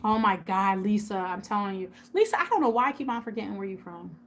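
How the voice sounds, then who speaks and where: A woman's voice: medium pitch, fast. Chatty woman on a casual live stream. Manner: chatty, addresses viewers by name, repeats herself for emphasis. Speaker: YouTube host on a livestream.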